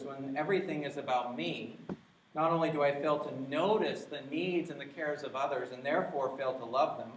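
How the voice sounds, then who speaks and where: Emphatic pastor preaching in an echoey church. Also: male voice, mid-range voice, far from the mic. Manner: emphatic, stresses key words slowly. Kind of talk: sermon. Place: church sanctuary.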